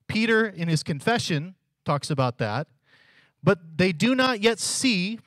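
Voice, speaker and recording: Conversational preacher with a higher male voice. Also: no echo. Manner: conversational teaching, acts out Bible dialogue, repeats questions for emphasis. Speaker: pastor. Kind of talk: sermon.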